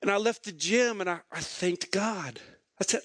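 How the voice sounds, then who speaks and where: A pastor delivers his sermon in a man's slightly high voice, leaning on repetition and storytelling. The sound is close and dry, with no room in it. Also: normal speed, fairly bright tone, no echo. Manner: conversational storytelling preacher, repeats phrases for emphasis.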